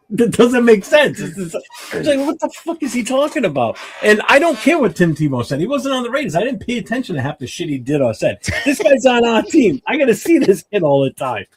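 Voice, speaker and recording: A man's voice: high-pitched, very animated, brisk, slight background noise. A man co-hosting a sports podcast, talking bluntly and swearing freely. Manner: blunt, profane. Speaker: podcast co-host. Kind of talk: casual sports chat.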